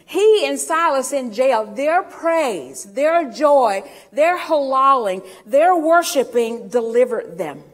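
A woman preaching in a church, telling homespun stories and drawing out scripture verses slowly. Her voice sits slightly high and laughs come easily. The sound hangs in a long reverb. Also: lively intonation. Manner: folksy storytelling, laughing often, drawn-out scripture reading. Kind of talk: sermon.

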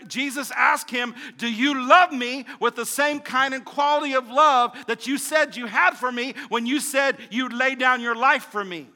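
Pastor guy preaching hard, high bright voice, big church reverb. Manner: impassioned preaching, swings from loud to quiet. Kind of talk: sermon.

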